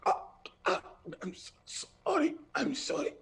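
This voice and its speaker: A man's voice: fairly low pitch, slow, a little mellow, breathy edge, heavily acted. Man doing a blustering noble schemer. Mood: panicked. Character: ambitious male noble schemer, cowardly when cornered.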